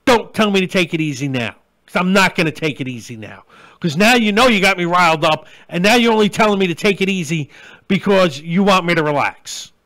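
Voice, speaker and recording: A man's voice: high-pitched, expressive, a little fast, a bit bright. A middle-aged man hosting a live-stream show, ranting bluntly and crudely and greeting viewers as they join. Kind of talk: live-stream rant and chat.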